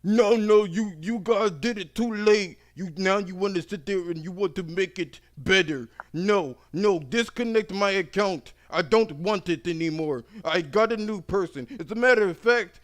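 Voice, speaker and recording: A man voicing an irate male customer who shouts insults at a phone agent. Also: moderate pace, few pauses, close to an everyday voice. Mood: indignant. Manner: shouting, high-pitched, accusing.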